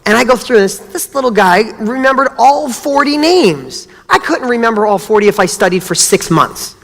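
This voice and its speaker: Male motivational speaker, middle-aged, animated storyteller, reverberant hall sound. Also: very high-pitched, moderate pace. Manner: animated storytelling, acts out dialogue. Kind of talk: motivational talk.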